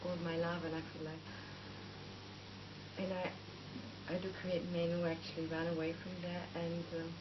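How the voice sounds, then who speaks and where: Woman, audience question, hesitant, halting, lowish voice, muffled hissy recording. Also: completely flat delivery. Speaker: audience member asking a question. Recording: dull lo-fi recording with clear hiss.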